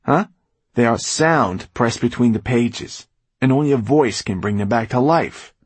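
A man's voice: mid-range voice, measured pace, husky, no echo, voice pushed up. A man voicing a passionate, mocking old male storyteller who argues with fervor. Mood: impassioned. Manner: impassioned, mocking.

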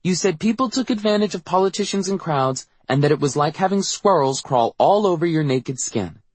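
A man putting on a high-pitched stubborn little girl. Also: expressive, brisk, a little mellow, slightly rough, no echo. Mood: pleading. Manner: insistent, high and pleading.

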